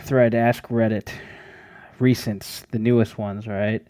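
A man co-hosting a casual podcast from his room at home, playful and quick to laugh. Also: lowish voice, level tone, mellow, no room sound. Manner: playful, easily amused. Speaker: podcast co-host. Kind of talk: casual chat.

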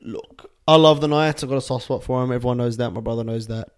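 A young Australian man co-hosting a sports podcast, excitable and full of slang. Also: mid-range voice, fast, smooth. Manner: excitable, slangy, calls people bro. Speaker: podcast co-host. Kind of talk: casual sports chat.

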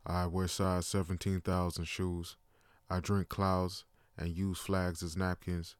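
A huge, absurd giantess brags in a slow, booming drawl, as a man puts her on. The voice sits far below his usual pitch, and every word is stretched out and dragged. It sounds dry and close. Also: monotone, clean tone, no room sound. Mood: boastful.

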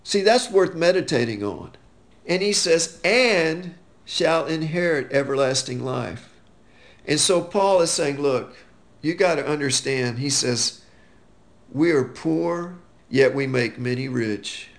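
A man teaching a verse-by-verse Bible study, quoting scripture with slow, emphatic stress. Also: on the high side, expressive.

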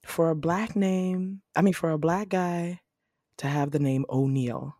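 A young woman with a notably low-pitched voice. She chats casually, rambling as she thinks aloud and correcting herself mid-sentence. The sound is dry and close. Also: fairly even intonation, a little slow, dark tone, dry recording. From United States. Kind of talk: casual chat.

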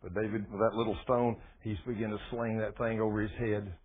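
A man preaching a sermon in a folksy, animated storytelling manner. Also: fairly low pitch, fairly quick, a little hiss or hum. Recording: tinny phone-like radio broadcast.

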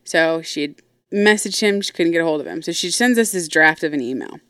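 Woman host, low smooth voice, dry close sound; blunt, profane, rambling storyteller. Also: animated, brisk, fairly bright tone, dry recording. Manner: blunt, profane, full of asides. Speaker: podcast host. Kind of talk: casual storytelling.

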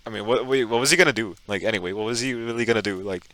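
A man's voice: on the low side, rapid-fire, very noisy. A man chatting casually while playing a game, teasing his friend with crude jokes. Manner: crude, teasing, joking banter. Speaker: gamer co-host. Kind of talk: casual gaming chat.

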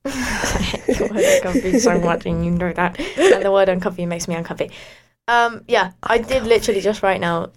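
A woman's voice: mid-range voice, animated, normal speed. A teenage girl from Australia co-hosting a casual breakfast radio show, playful and self-mocking with frequent giggles.

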